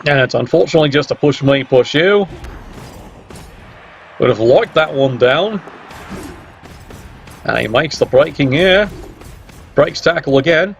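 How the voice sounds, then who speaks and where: Gravelly sarcastic game commentator. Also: male voice, fairly high pitch, animated, unhurried, long pauses, faint music behind. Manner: sarcastic, teasing. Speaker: match commentator. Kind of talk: video game match commentary. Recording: dull lo-fi mic with faint hiss.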